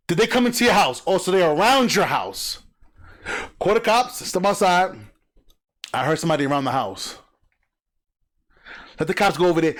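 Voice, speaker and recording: Man, reaction host, high voice, very lively, emphatic, acts out sounds. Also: normal speed, pauses often. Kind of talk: animated reaction commentary.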